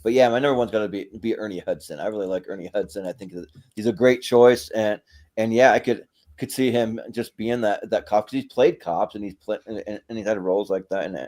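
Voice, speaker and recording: A man's voice: lowish voice, fairly quick, a little mellow. A man on a casual panel chat, hesitant, repeating words and laughing often.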